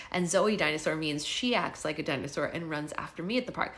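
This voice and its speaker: A chatty woman hosting a morning book-club livestream on her phone, talking straight to viewers between reading passages. Her voice sits a little low for a woman, and she laughs easily and drops into quick playful impressions. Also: animated, vocal fry, fairly bright tone. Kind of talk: casual live-stream chat and read-aloud.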